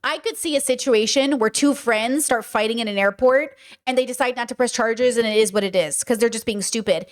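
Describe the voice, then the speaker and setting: Brief: woman host, fairly high voice, animated and profane, chatty commentary with storytelling asides. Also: fairly quick. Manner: animated, profane, conversational, reads chat aloud.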